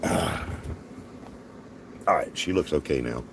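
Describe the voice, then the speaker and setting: A man's voice: rumbling low, slow, vocal fry, background noise. A man with a Southern US accent rambling in folksy, chuckling casual chat as a livestream host. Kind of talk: casual live-stream chat.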